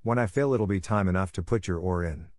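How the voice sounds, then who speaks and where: A man's voice: deep voice, a little mellow, no room sound, clean studio sound, lightly acted. Stern old spinster, read by a man. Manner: brisk, scolding. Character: stern strict spinster woman, older, sharp-tongued.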